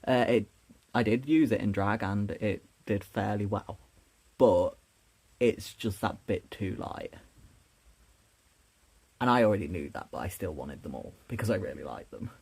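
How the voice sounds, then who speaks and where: A man's voice: lowish voice, animated, a little slow, creaky, long pauses, a little mellow, husky. A young man, chatting casually and self-mockingly through a makeup tutorial. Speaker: drag performer.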